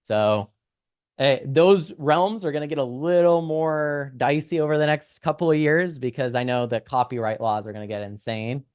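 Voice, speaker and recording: Chatty young man teaching software. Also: a little high, normal speed, clear, resonant tone, no room sound, clean studio sound. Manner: chatty, lots of "right?" and "um". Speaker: instructor demonstrating AI tools. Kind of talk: casual screen-share tutorial.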